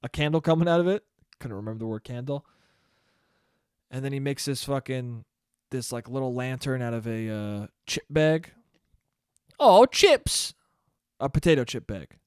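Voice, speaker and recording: A man's voice: mid-range voice, normal speed, a little mellow, clear, resonant tone, no echo, clean studio sound. A young man hosting a casual solo podcast, rambling in a profane, jokey way. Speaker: podcast host.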